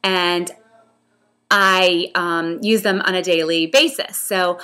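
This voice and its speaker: Bright-voiced woman with Western New York accent. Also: on the low side, fairly even intonation, slow pace. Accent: Western New York with some Southern New Orleans influence. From upstate New York. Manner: chatty, rambling with frequent ums. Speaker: vlogger. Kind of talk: casual accent tag video.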